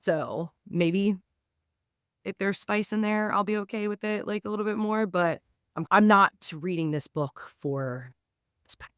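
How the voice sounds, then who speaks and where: A woman's voice: mid-range voice, a little slow, fairly bright tone, smooth, no room sound, studio quality. A young woman co-hosting a podcast, chatting casually about a book and acting out scenes in mocking voices. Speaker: podcast co-host. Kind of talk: casual book review chat.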